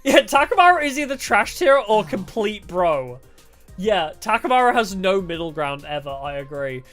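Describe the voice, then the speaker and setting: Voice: medium pitch, very animated, normal speed, a bit bright. A streamer giving casual, wry asides while playing a story game live. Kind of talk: live game playthrough commentary. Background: game music.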